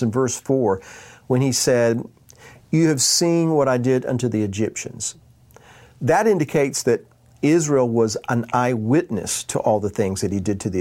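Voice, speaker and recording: A man delivering a sermon-style Bible teaching at a middle pitch. He speaks in a measured, deliberate way and pauses to stress key words. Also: a little mellow. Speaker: preacher.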